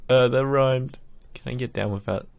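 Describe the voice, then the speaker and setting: A young man casually narrating his own gameplay in a relaxed, rambling way, having just woken up. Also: medium pitch, moderate pace, creaky. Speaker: gaming YouTuber. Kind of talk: casual Minecraft let's play.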